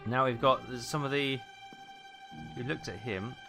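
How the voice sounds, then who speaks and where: A gaming video host offers casual let's-play commentary in an unhurried, medium-pitched voice, chatty and thinking aloud as he mutters to himself. Game music plays underneath.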